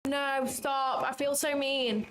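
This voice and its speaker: Woman streamer narrating her trades live, chatty and self-mocking, fairly high voice. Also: little pitch movement, slow pace, fairly bright tone, slight background noise. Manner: chatty, thinks aloud, self-deprecating. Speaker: trading livestream host. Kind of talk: live commentary while trading.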